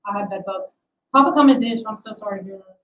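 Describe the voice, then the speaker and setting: A woman's voice: mid-range voice, quick pace, narrow, tinny audio. A young adult woman hosting a casual livestream, rambling and self-deprecating as she chats with her viewers. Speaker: livestream host.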